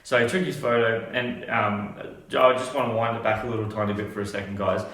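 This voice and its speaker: A man's voice: lowish voice, steady tone, a little fast, fairly bright tone. Rambling man, echoey room. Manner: rambling, many restarts. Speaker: vlogger. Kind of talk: casual storytelling.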